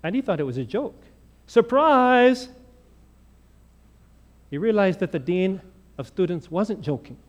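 A man with a high voice preaches a homily and builds it around a story. He tells it in an animated way, acting out the dialogue with lively ups and downs. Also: brisk, muffled recording. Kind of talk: sermon storytelling.

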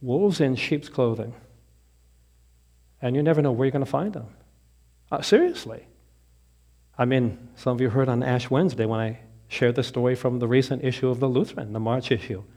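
A male pastor telling a joke in a lively storytelling manner within a sermon. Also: medium pitch, moderate pace, pauses often. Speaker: Lutheran pastor.

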